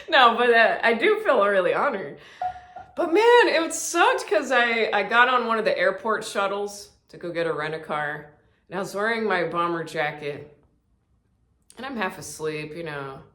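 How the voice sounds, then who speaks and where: A woman's voice: low voice, sharp tone, reverberant. A woman comedian telling casual funny stories, acting out quotes in different voices and laughing often. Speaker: comedian podcast host. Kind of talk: casual storytelling monologue.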